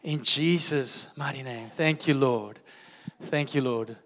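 A man's voice: medium pitch, takes it slowly. A man pastor leading a fervent spoken prayer from the front of a church, repeating phrases over and over. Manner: fervent, repetitive, winding down softly. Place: large church hall. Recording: hall reverb.

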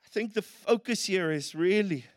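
South african preacher guy, high voice, gets emphatic, big echoey church sound. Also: animated, normal speed. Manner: earnest, rises to emphatic peaks. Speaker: pastor. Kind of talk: sermon. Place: church hall. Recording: reverberant church hall.

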